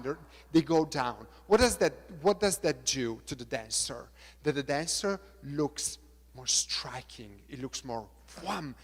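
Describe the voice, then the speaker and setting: A middle-aged man with an Italian accent, a choreographer lecturing on dance technique, halting and repeating words, counting beats aloud. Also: on the high side, a bit bright. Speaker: choreographer giving a talk. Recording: reverberant lecture hall.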